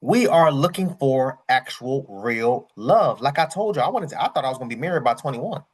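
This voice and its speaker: A man's voice: mid-range voice, lively intonation, normal speed, husky. A man hosting a casual reaction commentary, rambling and candid, full of slang, repeating his points. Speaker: reaction channel host.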